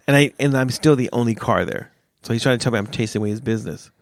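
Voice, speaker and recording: A man, a priest and podcast co-host, telling stories in a joking, animated way in casual chat. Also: medium pitch, fast, no echo, clean studio sound.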